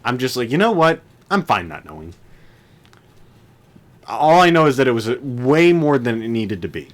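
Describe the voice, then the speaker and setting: A man's voice: medium pitch, sing-song, moderate pace. Laid-back young man chatting and laughing. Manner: laughs often, puts on voices when quoting. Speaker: podcast co-host. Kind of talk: casual chat.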